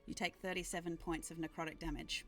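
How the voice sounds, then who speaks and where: A woman narrating a tabletop game as game master, describing combat in slow, dramatic turns. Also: on the low side, little pitch movement, fairly bright tone, soft background music.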